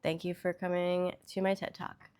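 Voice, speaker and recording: A woman's voice: on the low side, flat delivery, normal speed, a little mellow, clean tone. A woman hosting a casual tarot reading vlog, chatty and loose, with the odd swear word. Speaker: tarot reader.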